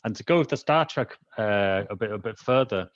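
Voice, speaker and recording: A man's voice: fairly low pitch, lively intonation, fairly quick, no room sound. A man hosting a casual conversation, rambling with many fillers over dull video-call audio. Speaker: host.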